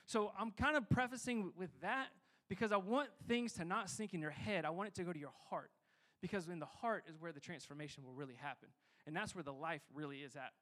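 A man's voice: high-pitched, a little fast, a bit bright. A young man giving a sermon as a pastor, talking casually and rambling with lots of fillers.

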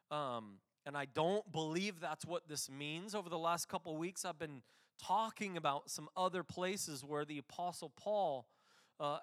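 A pastor preaching a casual, conversational sermon, with restarts and quick asides. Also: male voice, high-pitched, a bit bright.

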